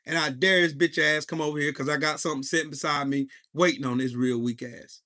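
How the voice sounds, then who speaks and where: A man's voice: fairly high pitch, fairly even intonation, a little fast, sharp tone. A man in his forties hosting a live podcast, telling a heated, profane story and talking to his chat. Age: 40s. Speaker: podcast host.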